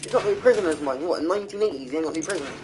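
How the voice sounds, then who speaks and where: A man's voice: fairly high pitch, lively intonation, rapid-fire, low-quality recording. Man, casual streamer, chatty storyteller, music behind. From England. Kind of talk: casual chat over gameplay.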